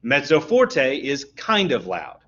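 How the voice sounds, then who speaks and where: A man's voice: medium pitch, wildly swooping pitch, slow pace, fairly bright tone. Man giving a dull-sounding music lecture. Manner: explanatory, often checks understanding with "okay?". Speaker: college music instructor. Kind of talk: classroom lecture.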